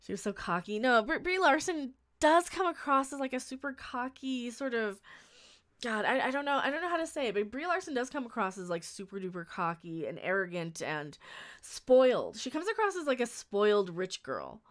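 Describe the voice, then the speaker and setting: A woman's voice: on the high side, very animated, moderate pace, a bit bright. A woman chatting casually on a live stream, reading viewer comments and giving blunt opinions, rambling with frequent restarts and laughs.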